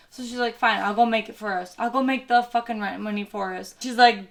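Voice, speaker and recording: A woman's voice: on the high side, moderate pace, background noise. A young woman retelling a film as comedy, brash and swearing a lot, slipping into sassy character voices.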